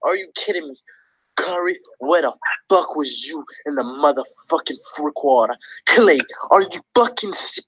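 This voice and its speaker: A man's voice: on the high side, expressive, measured pace, a bit bright, slightly rough, no room sound, rough recording. A man sports fan in a comedy sketch, ranting furiously and swearing.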